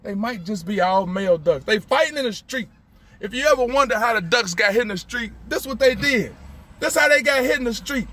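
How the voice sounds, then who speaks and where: A man recording a motivational vlog outdoors by a street on a handheld phone. He repeats affirmations and gives excited running commentary. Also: extremely high pitch, brisk, a little hiss or hum. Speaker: motivational vlogger.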